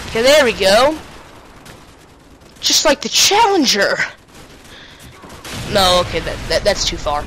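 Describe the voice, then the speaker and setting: A woman's voice: on the high side, fairly bright tone, poor audio. Woman doing sarcastic let's play chat over a shooter, faint gunfire noise behind. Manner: sarcastic, jokey, talks to game characters. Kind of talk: casual gameplay commentary.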